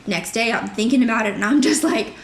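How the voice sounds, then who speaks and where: A woman's voice: on the high side, quick pace, gravelly, reverberant. A woman guest in a casual podcast chat, telling a story with energy and acting out what she said at the time. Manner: animated storyteller who acts out her own past remarks.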